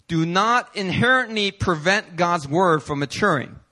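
A male pastor preaching a sermon in a playful, animated way with casual slang. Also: high voice, unhurried, hardly any pauses.

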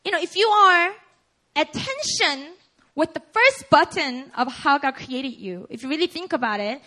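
A woman's voice: high-pitched, animated, moderate pace, sharp tone. A young woman pastor preaching a sermon, playful, laughing and putting questions to her congregation. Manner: asks the audience questions.

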